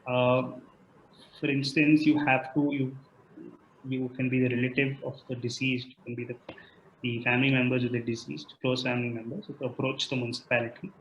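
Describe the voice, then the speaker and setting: A man's voice: mid-range voice, flat delivery, brisk, a little hiss or hum. A man acting as a legal expert, explaining citizens' rights in a live online Q&A, hesitant with frequent restarts and fillers. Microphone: video call. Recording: roomy, muffled video call audio.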